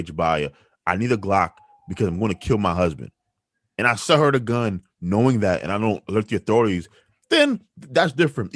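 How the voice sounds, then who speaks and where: Animated man giving blunt opinions. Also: on the low side, no echo, clean studio sound. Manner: animated, emphatic, rhetorical, with restarts. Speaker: co-host. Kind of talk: opinionated news commentary chat.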